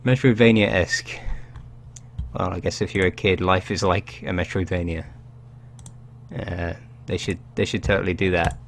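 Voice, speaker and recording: Joking low-voiced let's play man. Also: fairly even intonation, normal speed, a little hiss or hum. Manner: joking, rambling, self-mocking. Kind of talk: casual game commentary.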